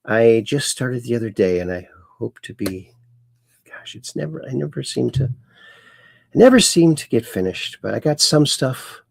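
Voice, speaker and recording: A man's voice: mid-range voice, lively intonation, a little slow, gravelly, a little mellow, dry recording. A man hosting a casual livestream, reading viewer comments aloud and adding playful asides. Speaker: livestream host reading chat.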